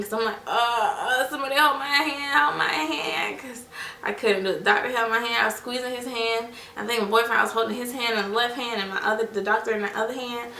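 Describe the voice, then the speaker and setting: Bright, slightly gravelly, and medium-pitched, a young woman vlogger chats to viewers she calls "you guys" and "y'all" while telling a personal story. She speaks casually and acts out other people's lines. The recording sounds roomy, echoey, and a little distant, with a faint room hum.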